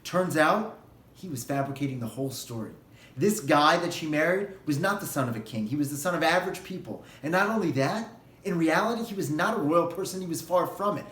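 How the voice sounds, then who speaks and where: A man who, as a rabbi, gives a holiday sermon and tells a parable in an animated storytelling way. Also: a little high, fairly quick, roomy sound.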